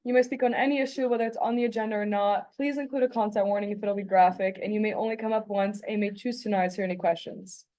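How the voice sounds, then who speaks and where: A young woman chairing a student senate meeting, friendly and brisk as she reads out procedures. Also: medium pitch, fairly even intonation, warm tone.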